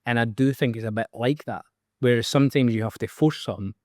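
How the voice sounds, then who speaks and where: A man's voice: medium pitch, fast, dry recording, studio quality. A man with a Scottish accent, a band's songwriter, talking frankly and casually in an interview. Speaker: band songwriter.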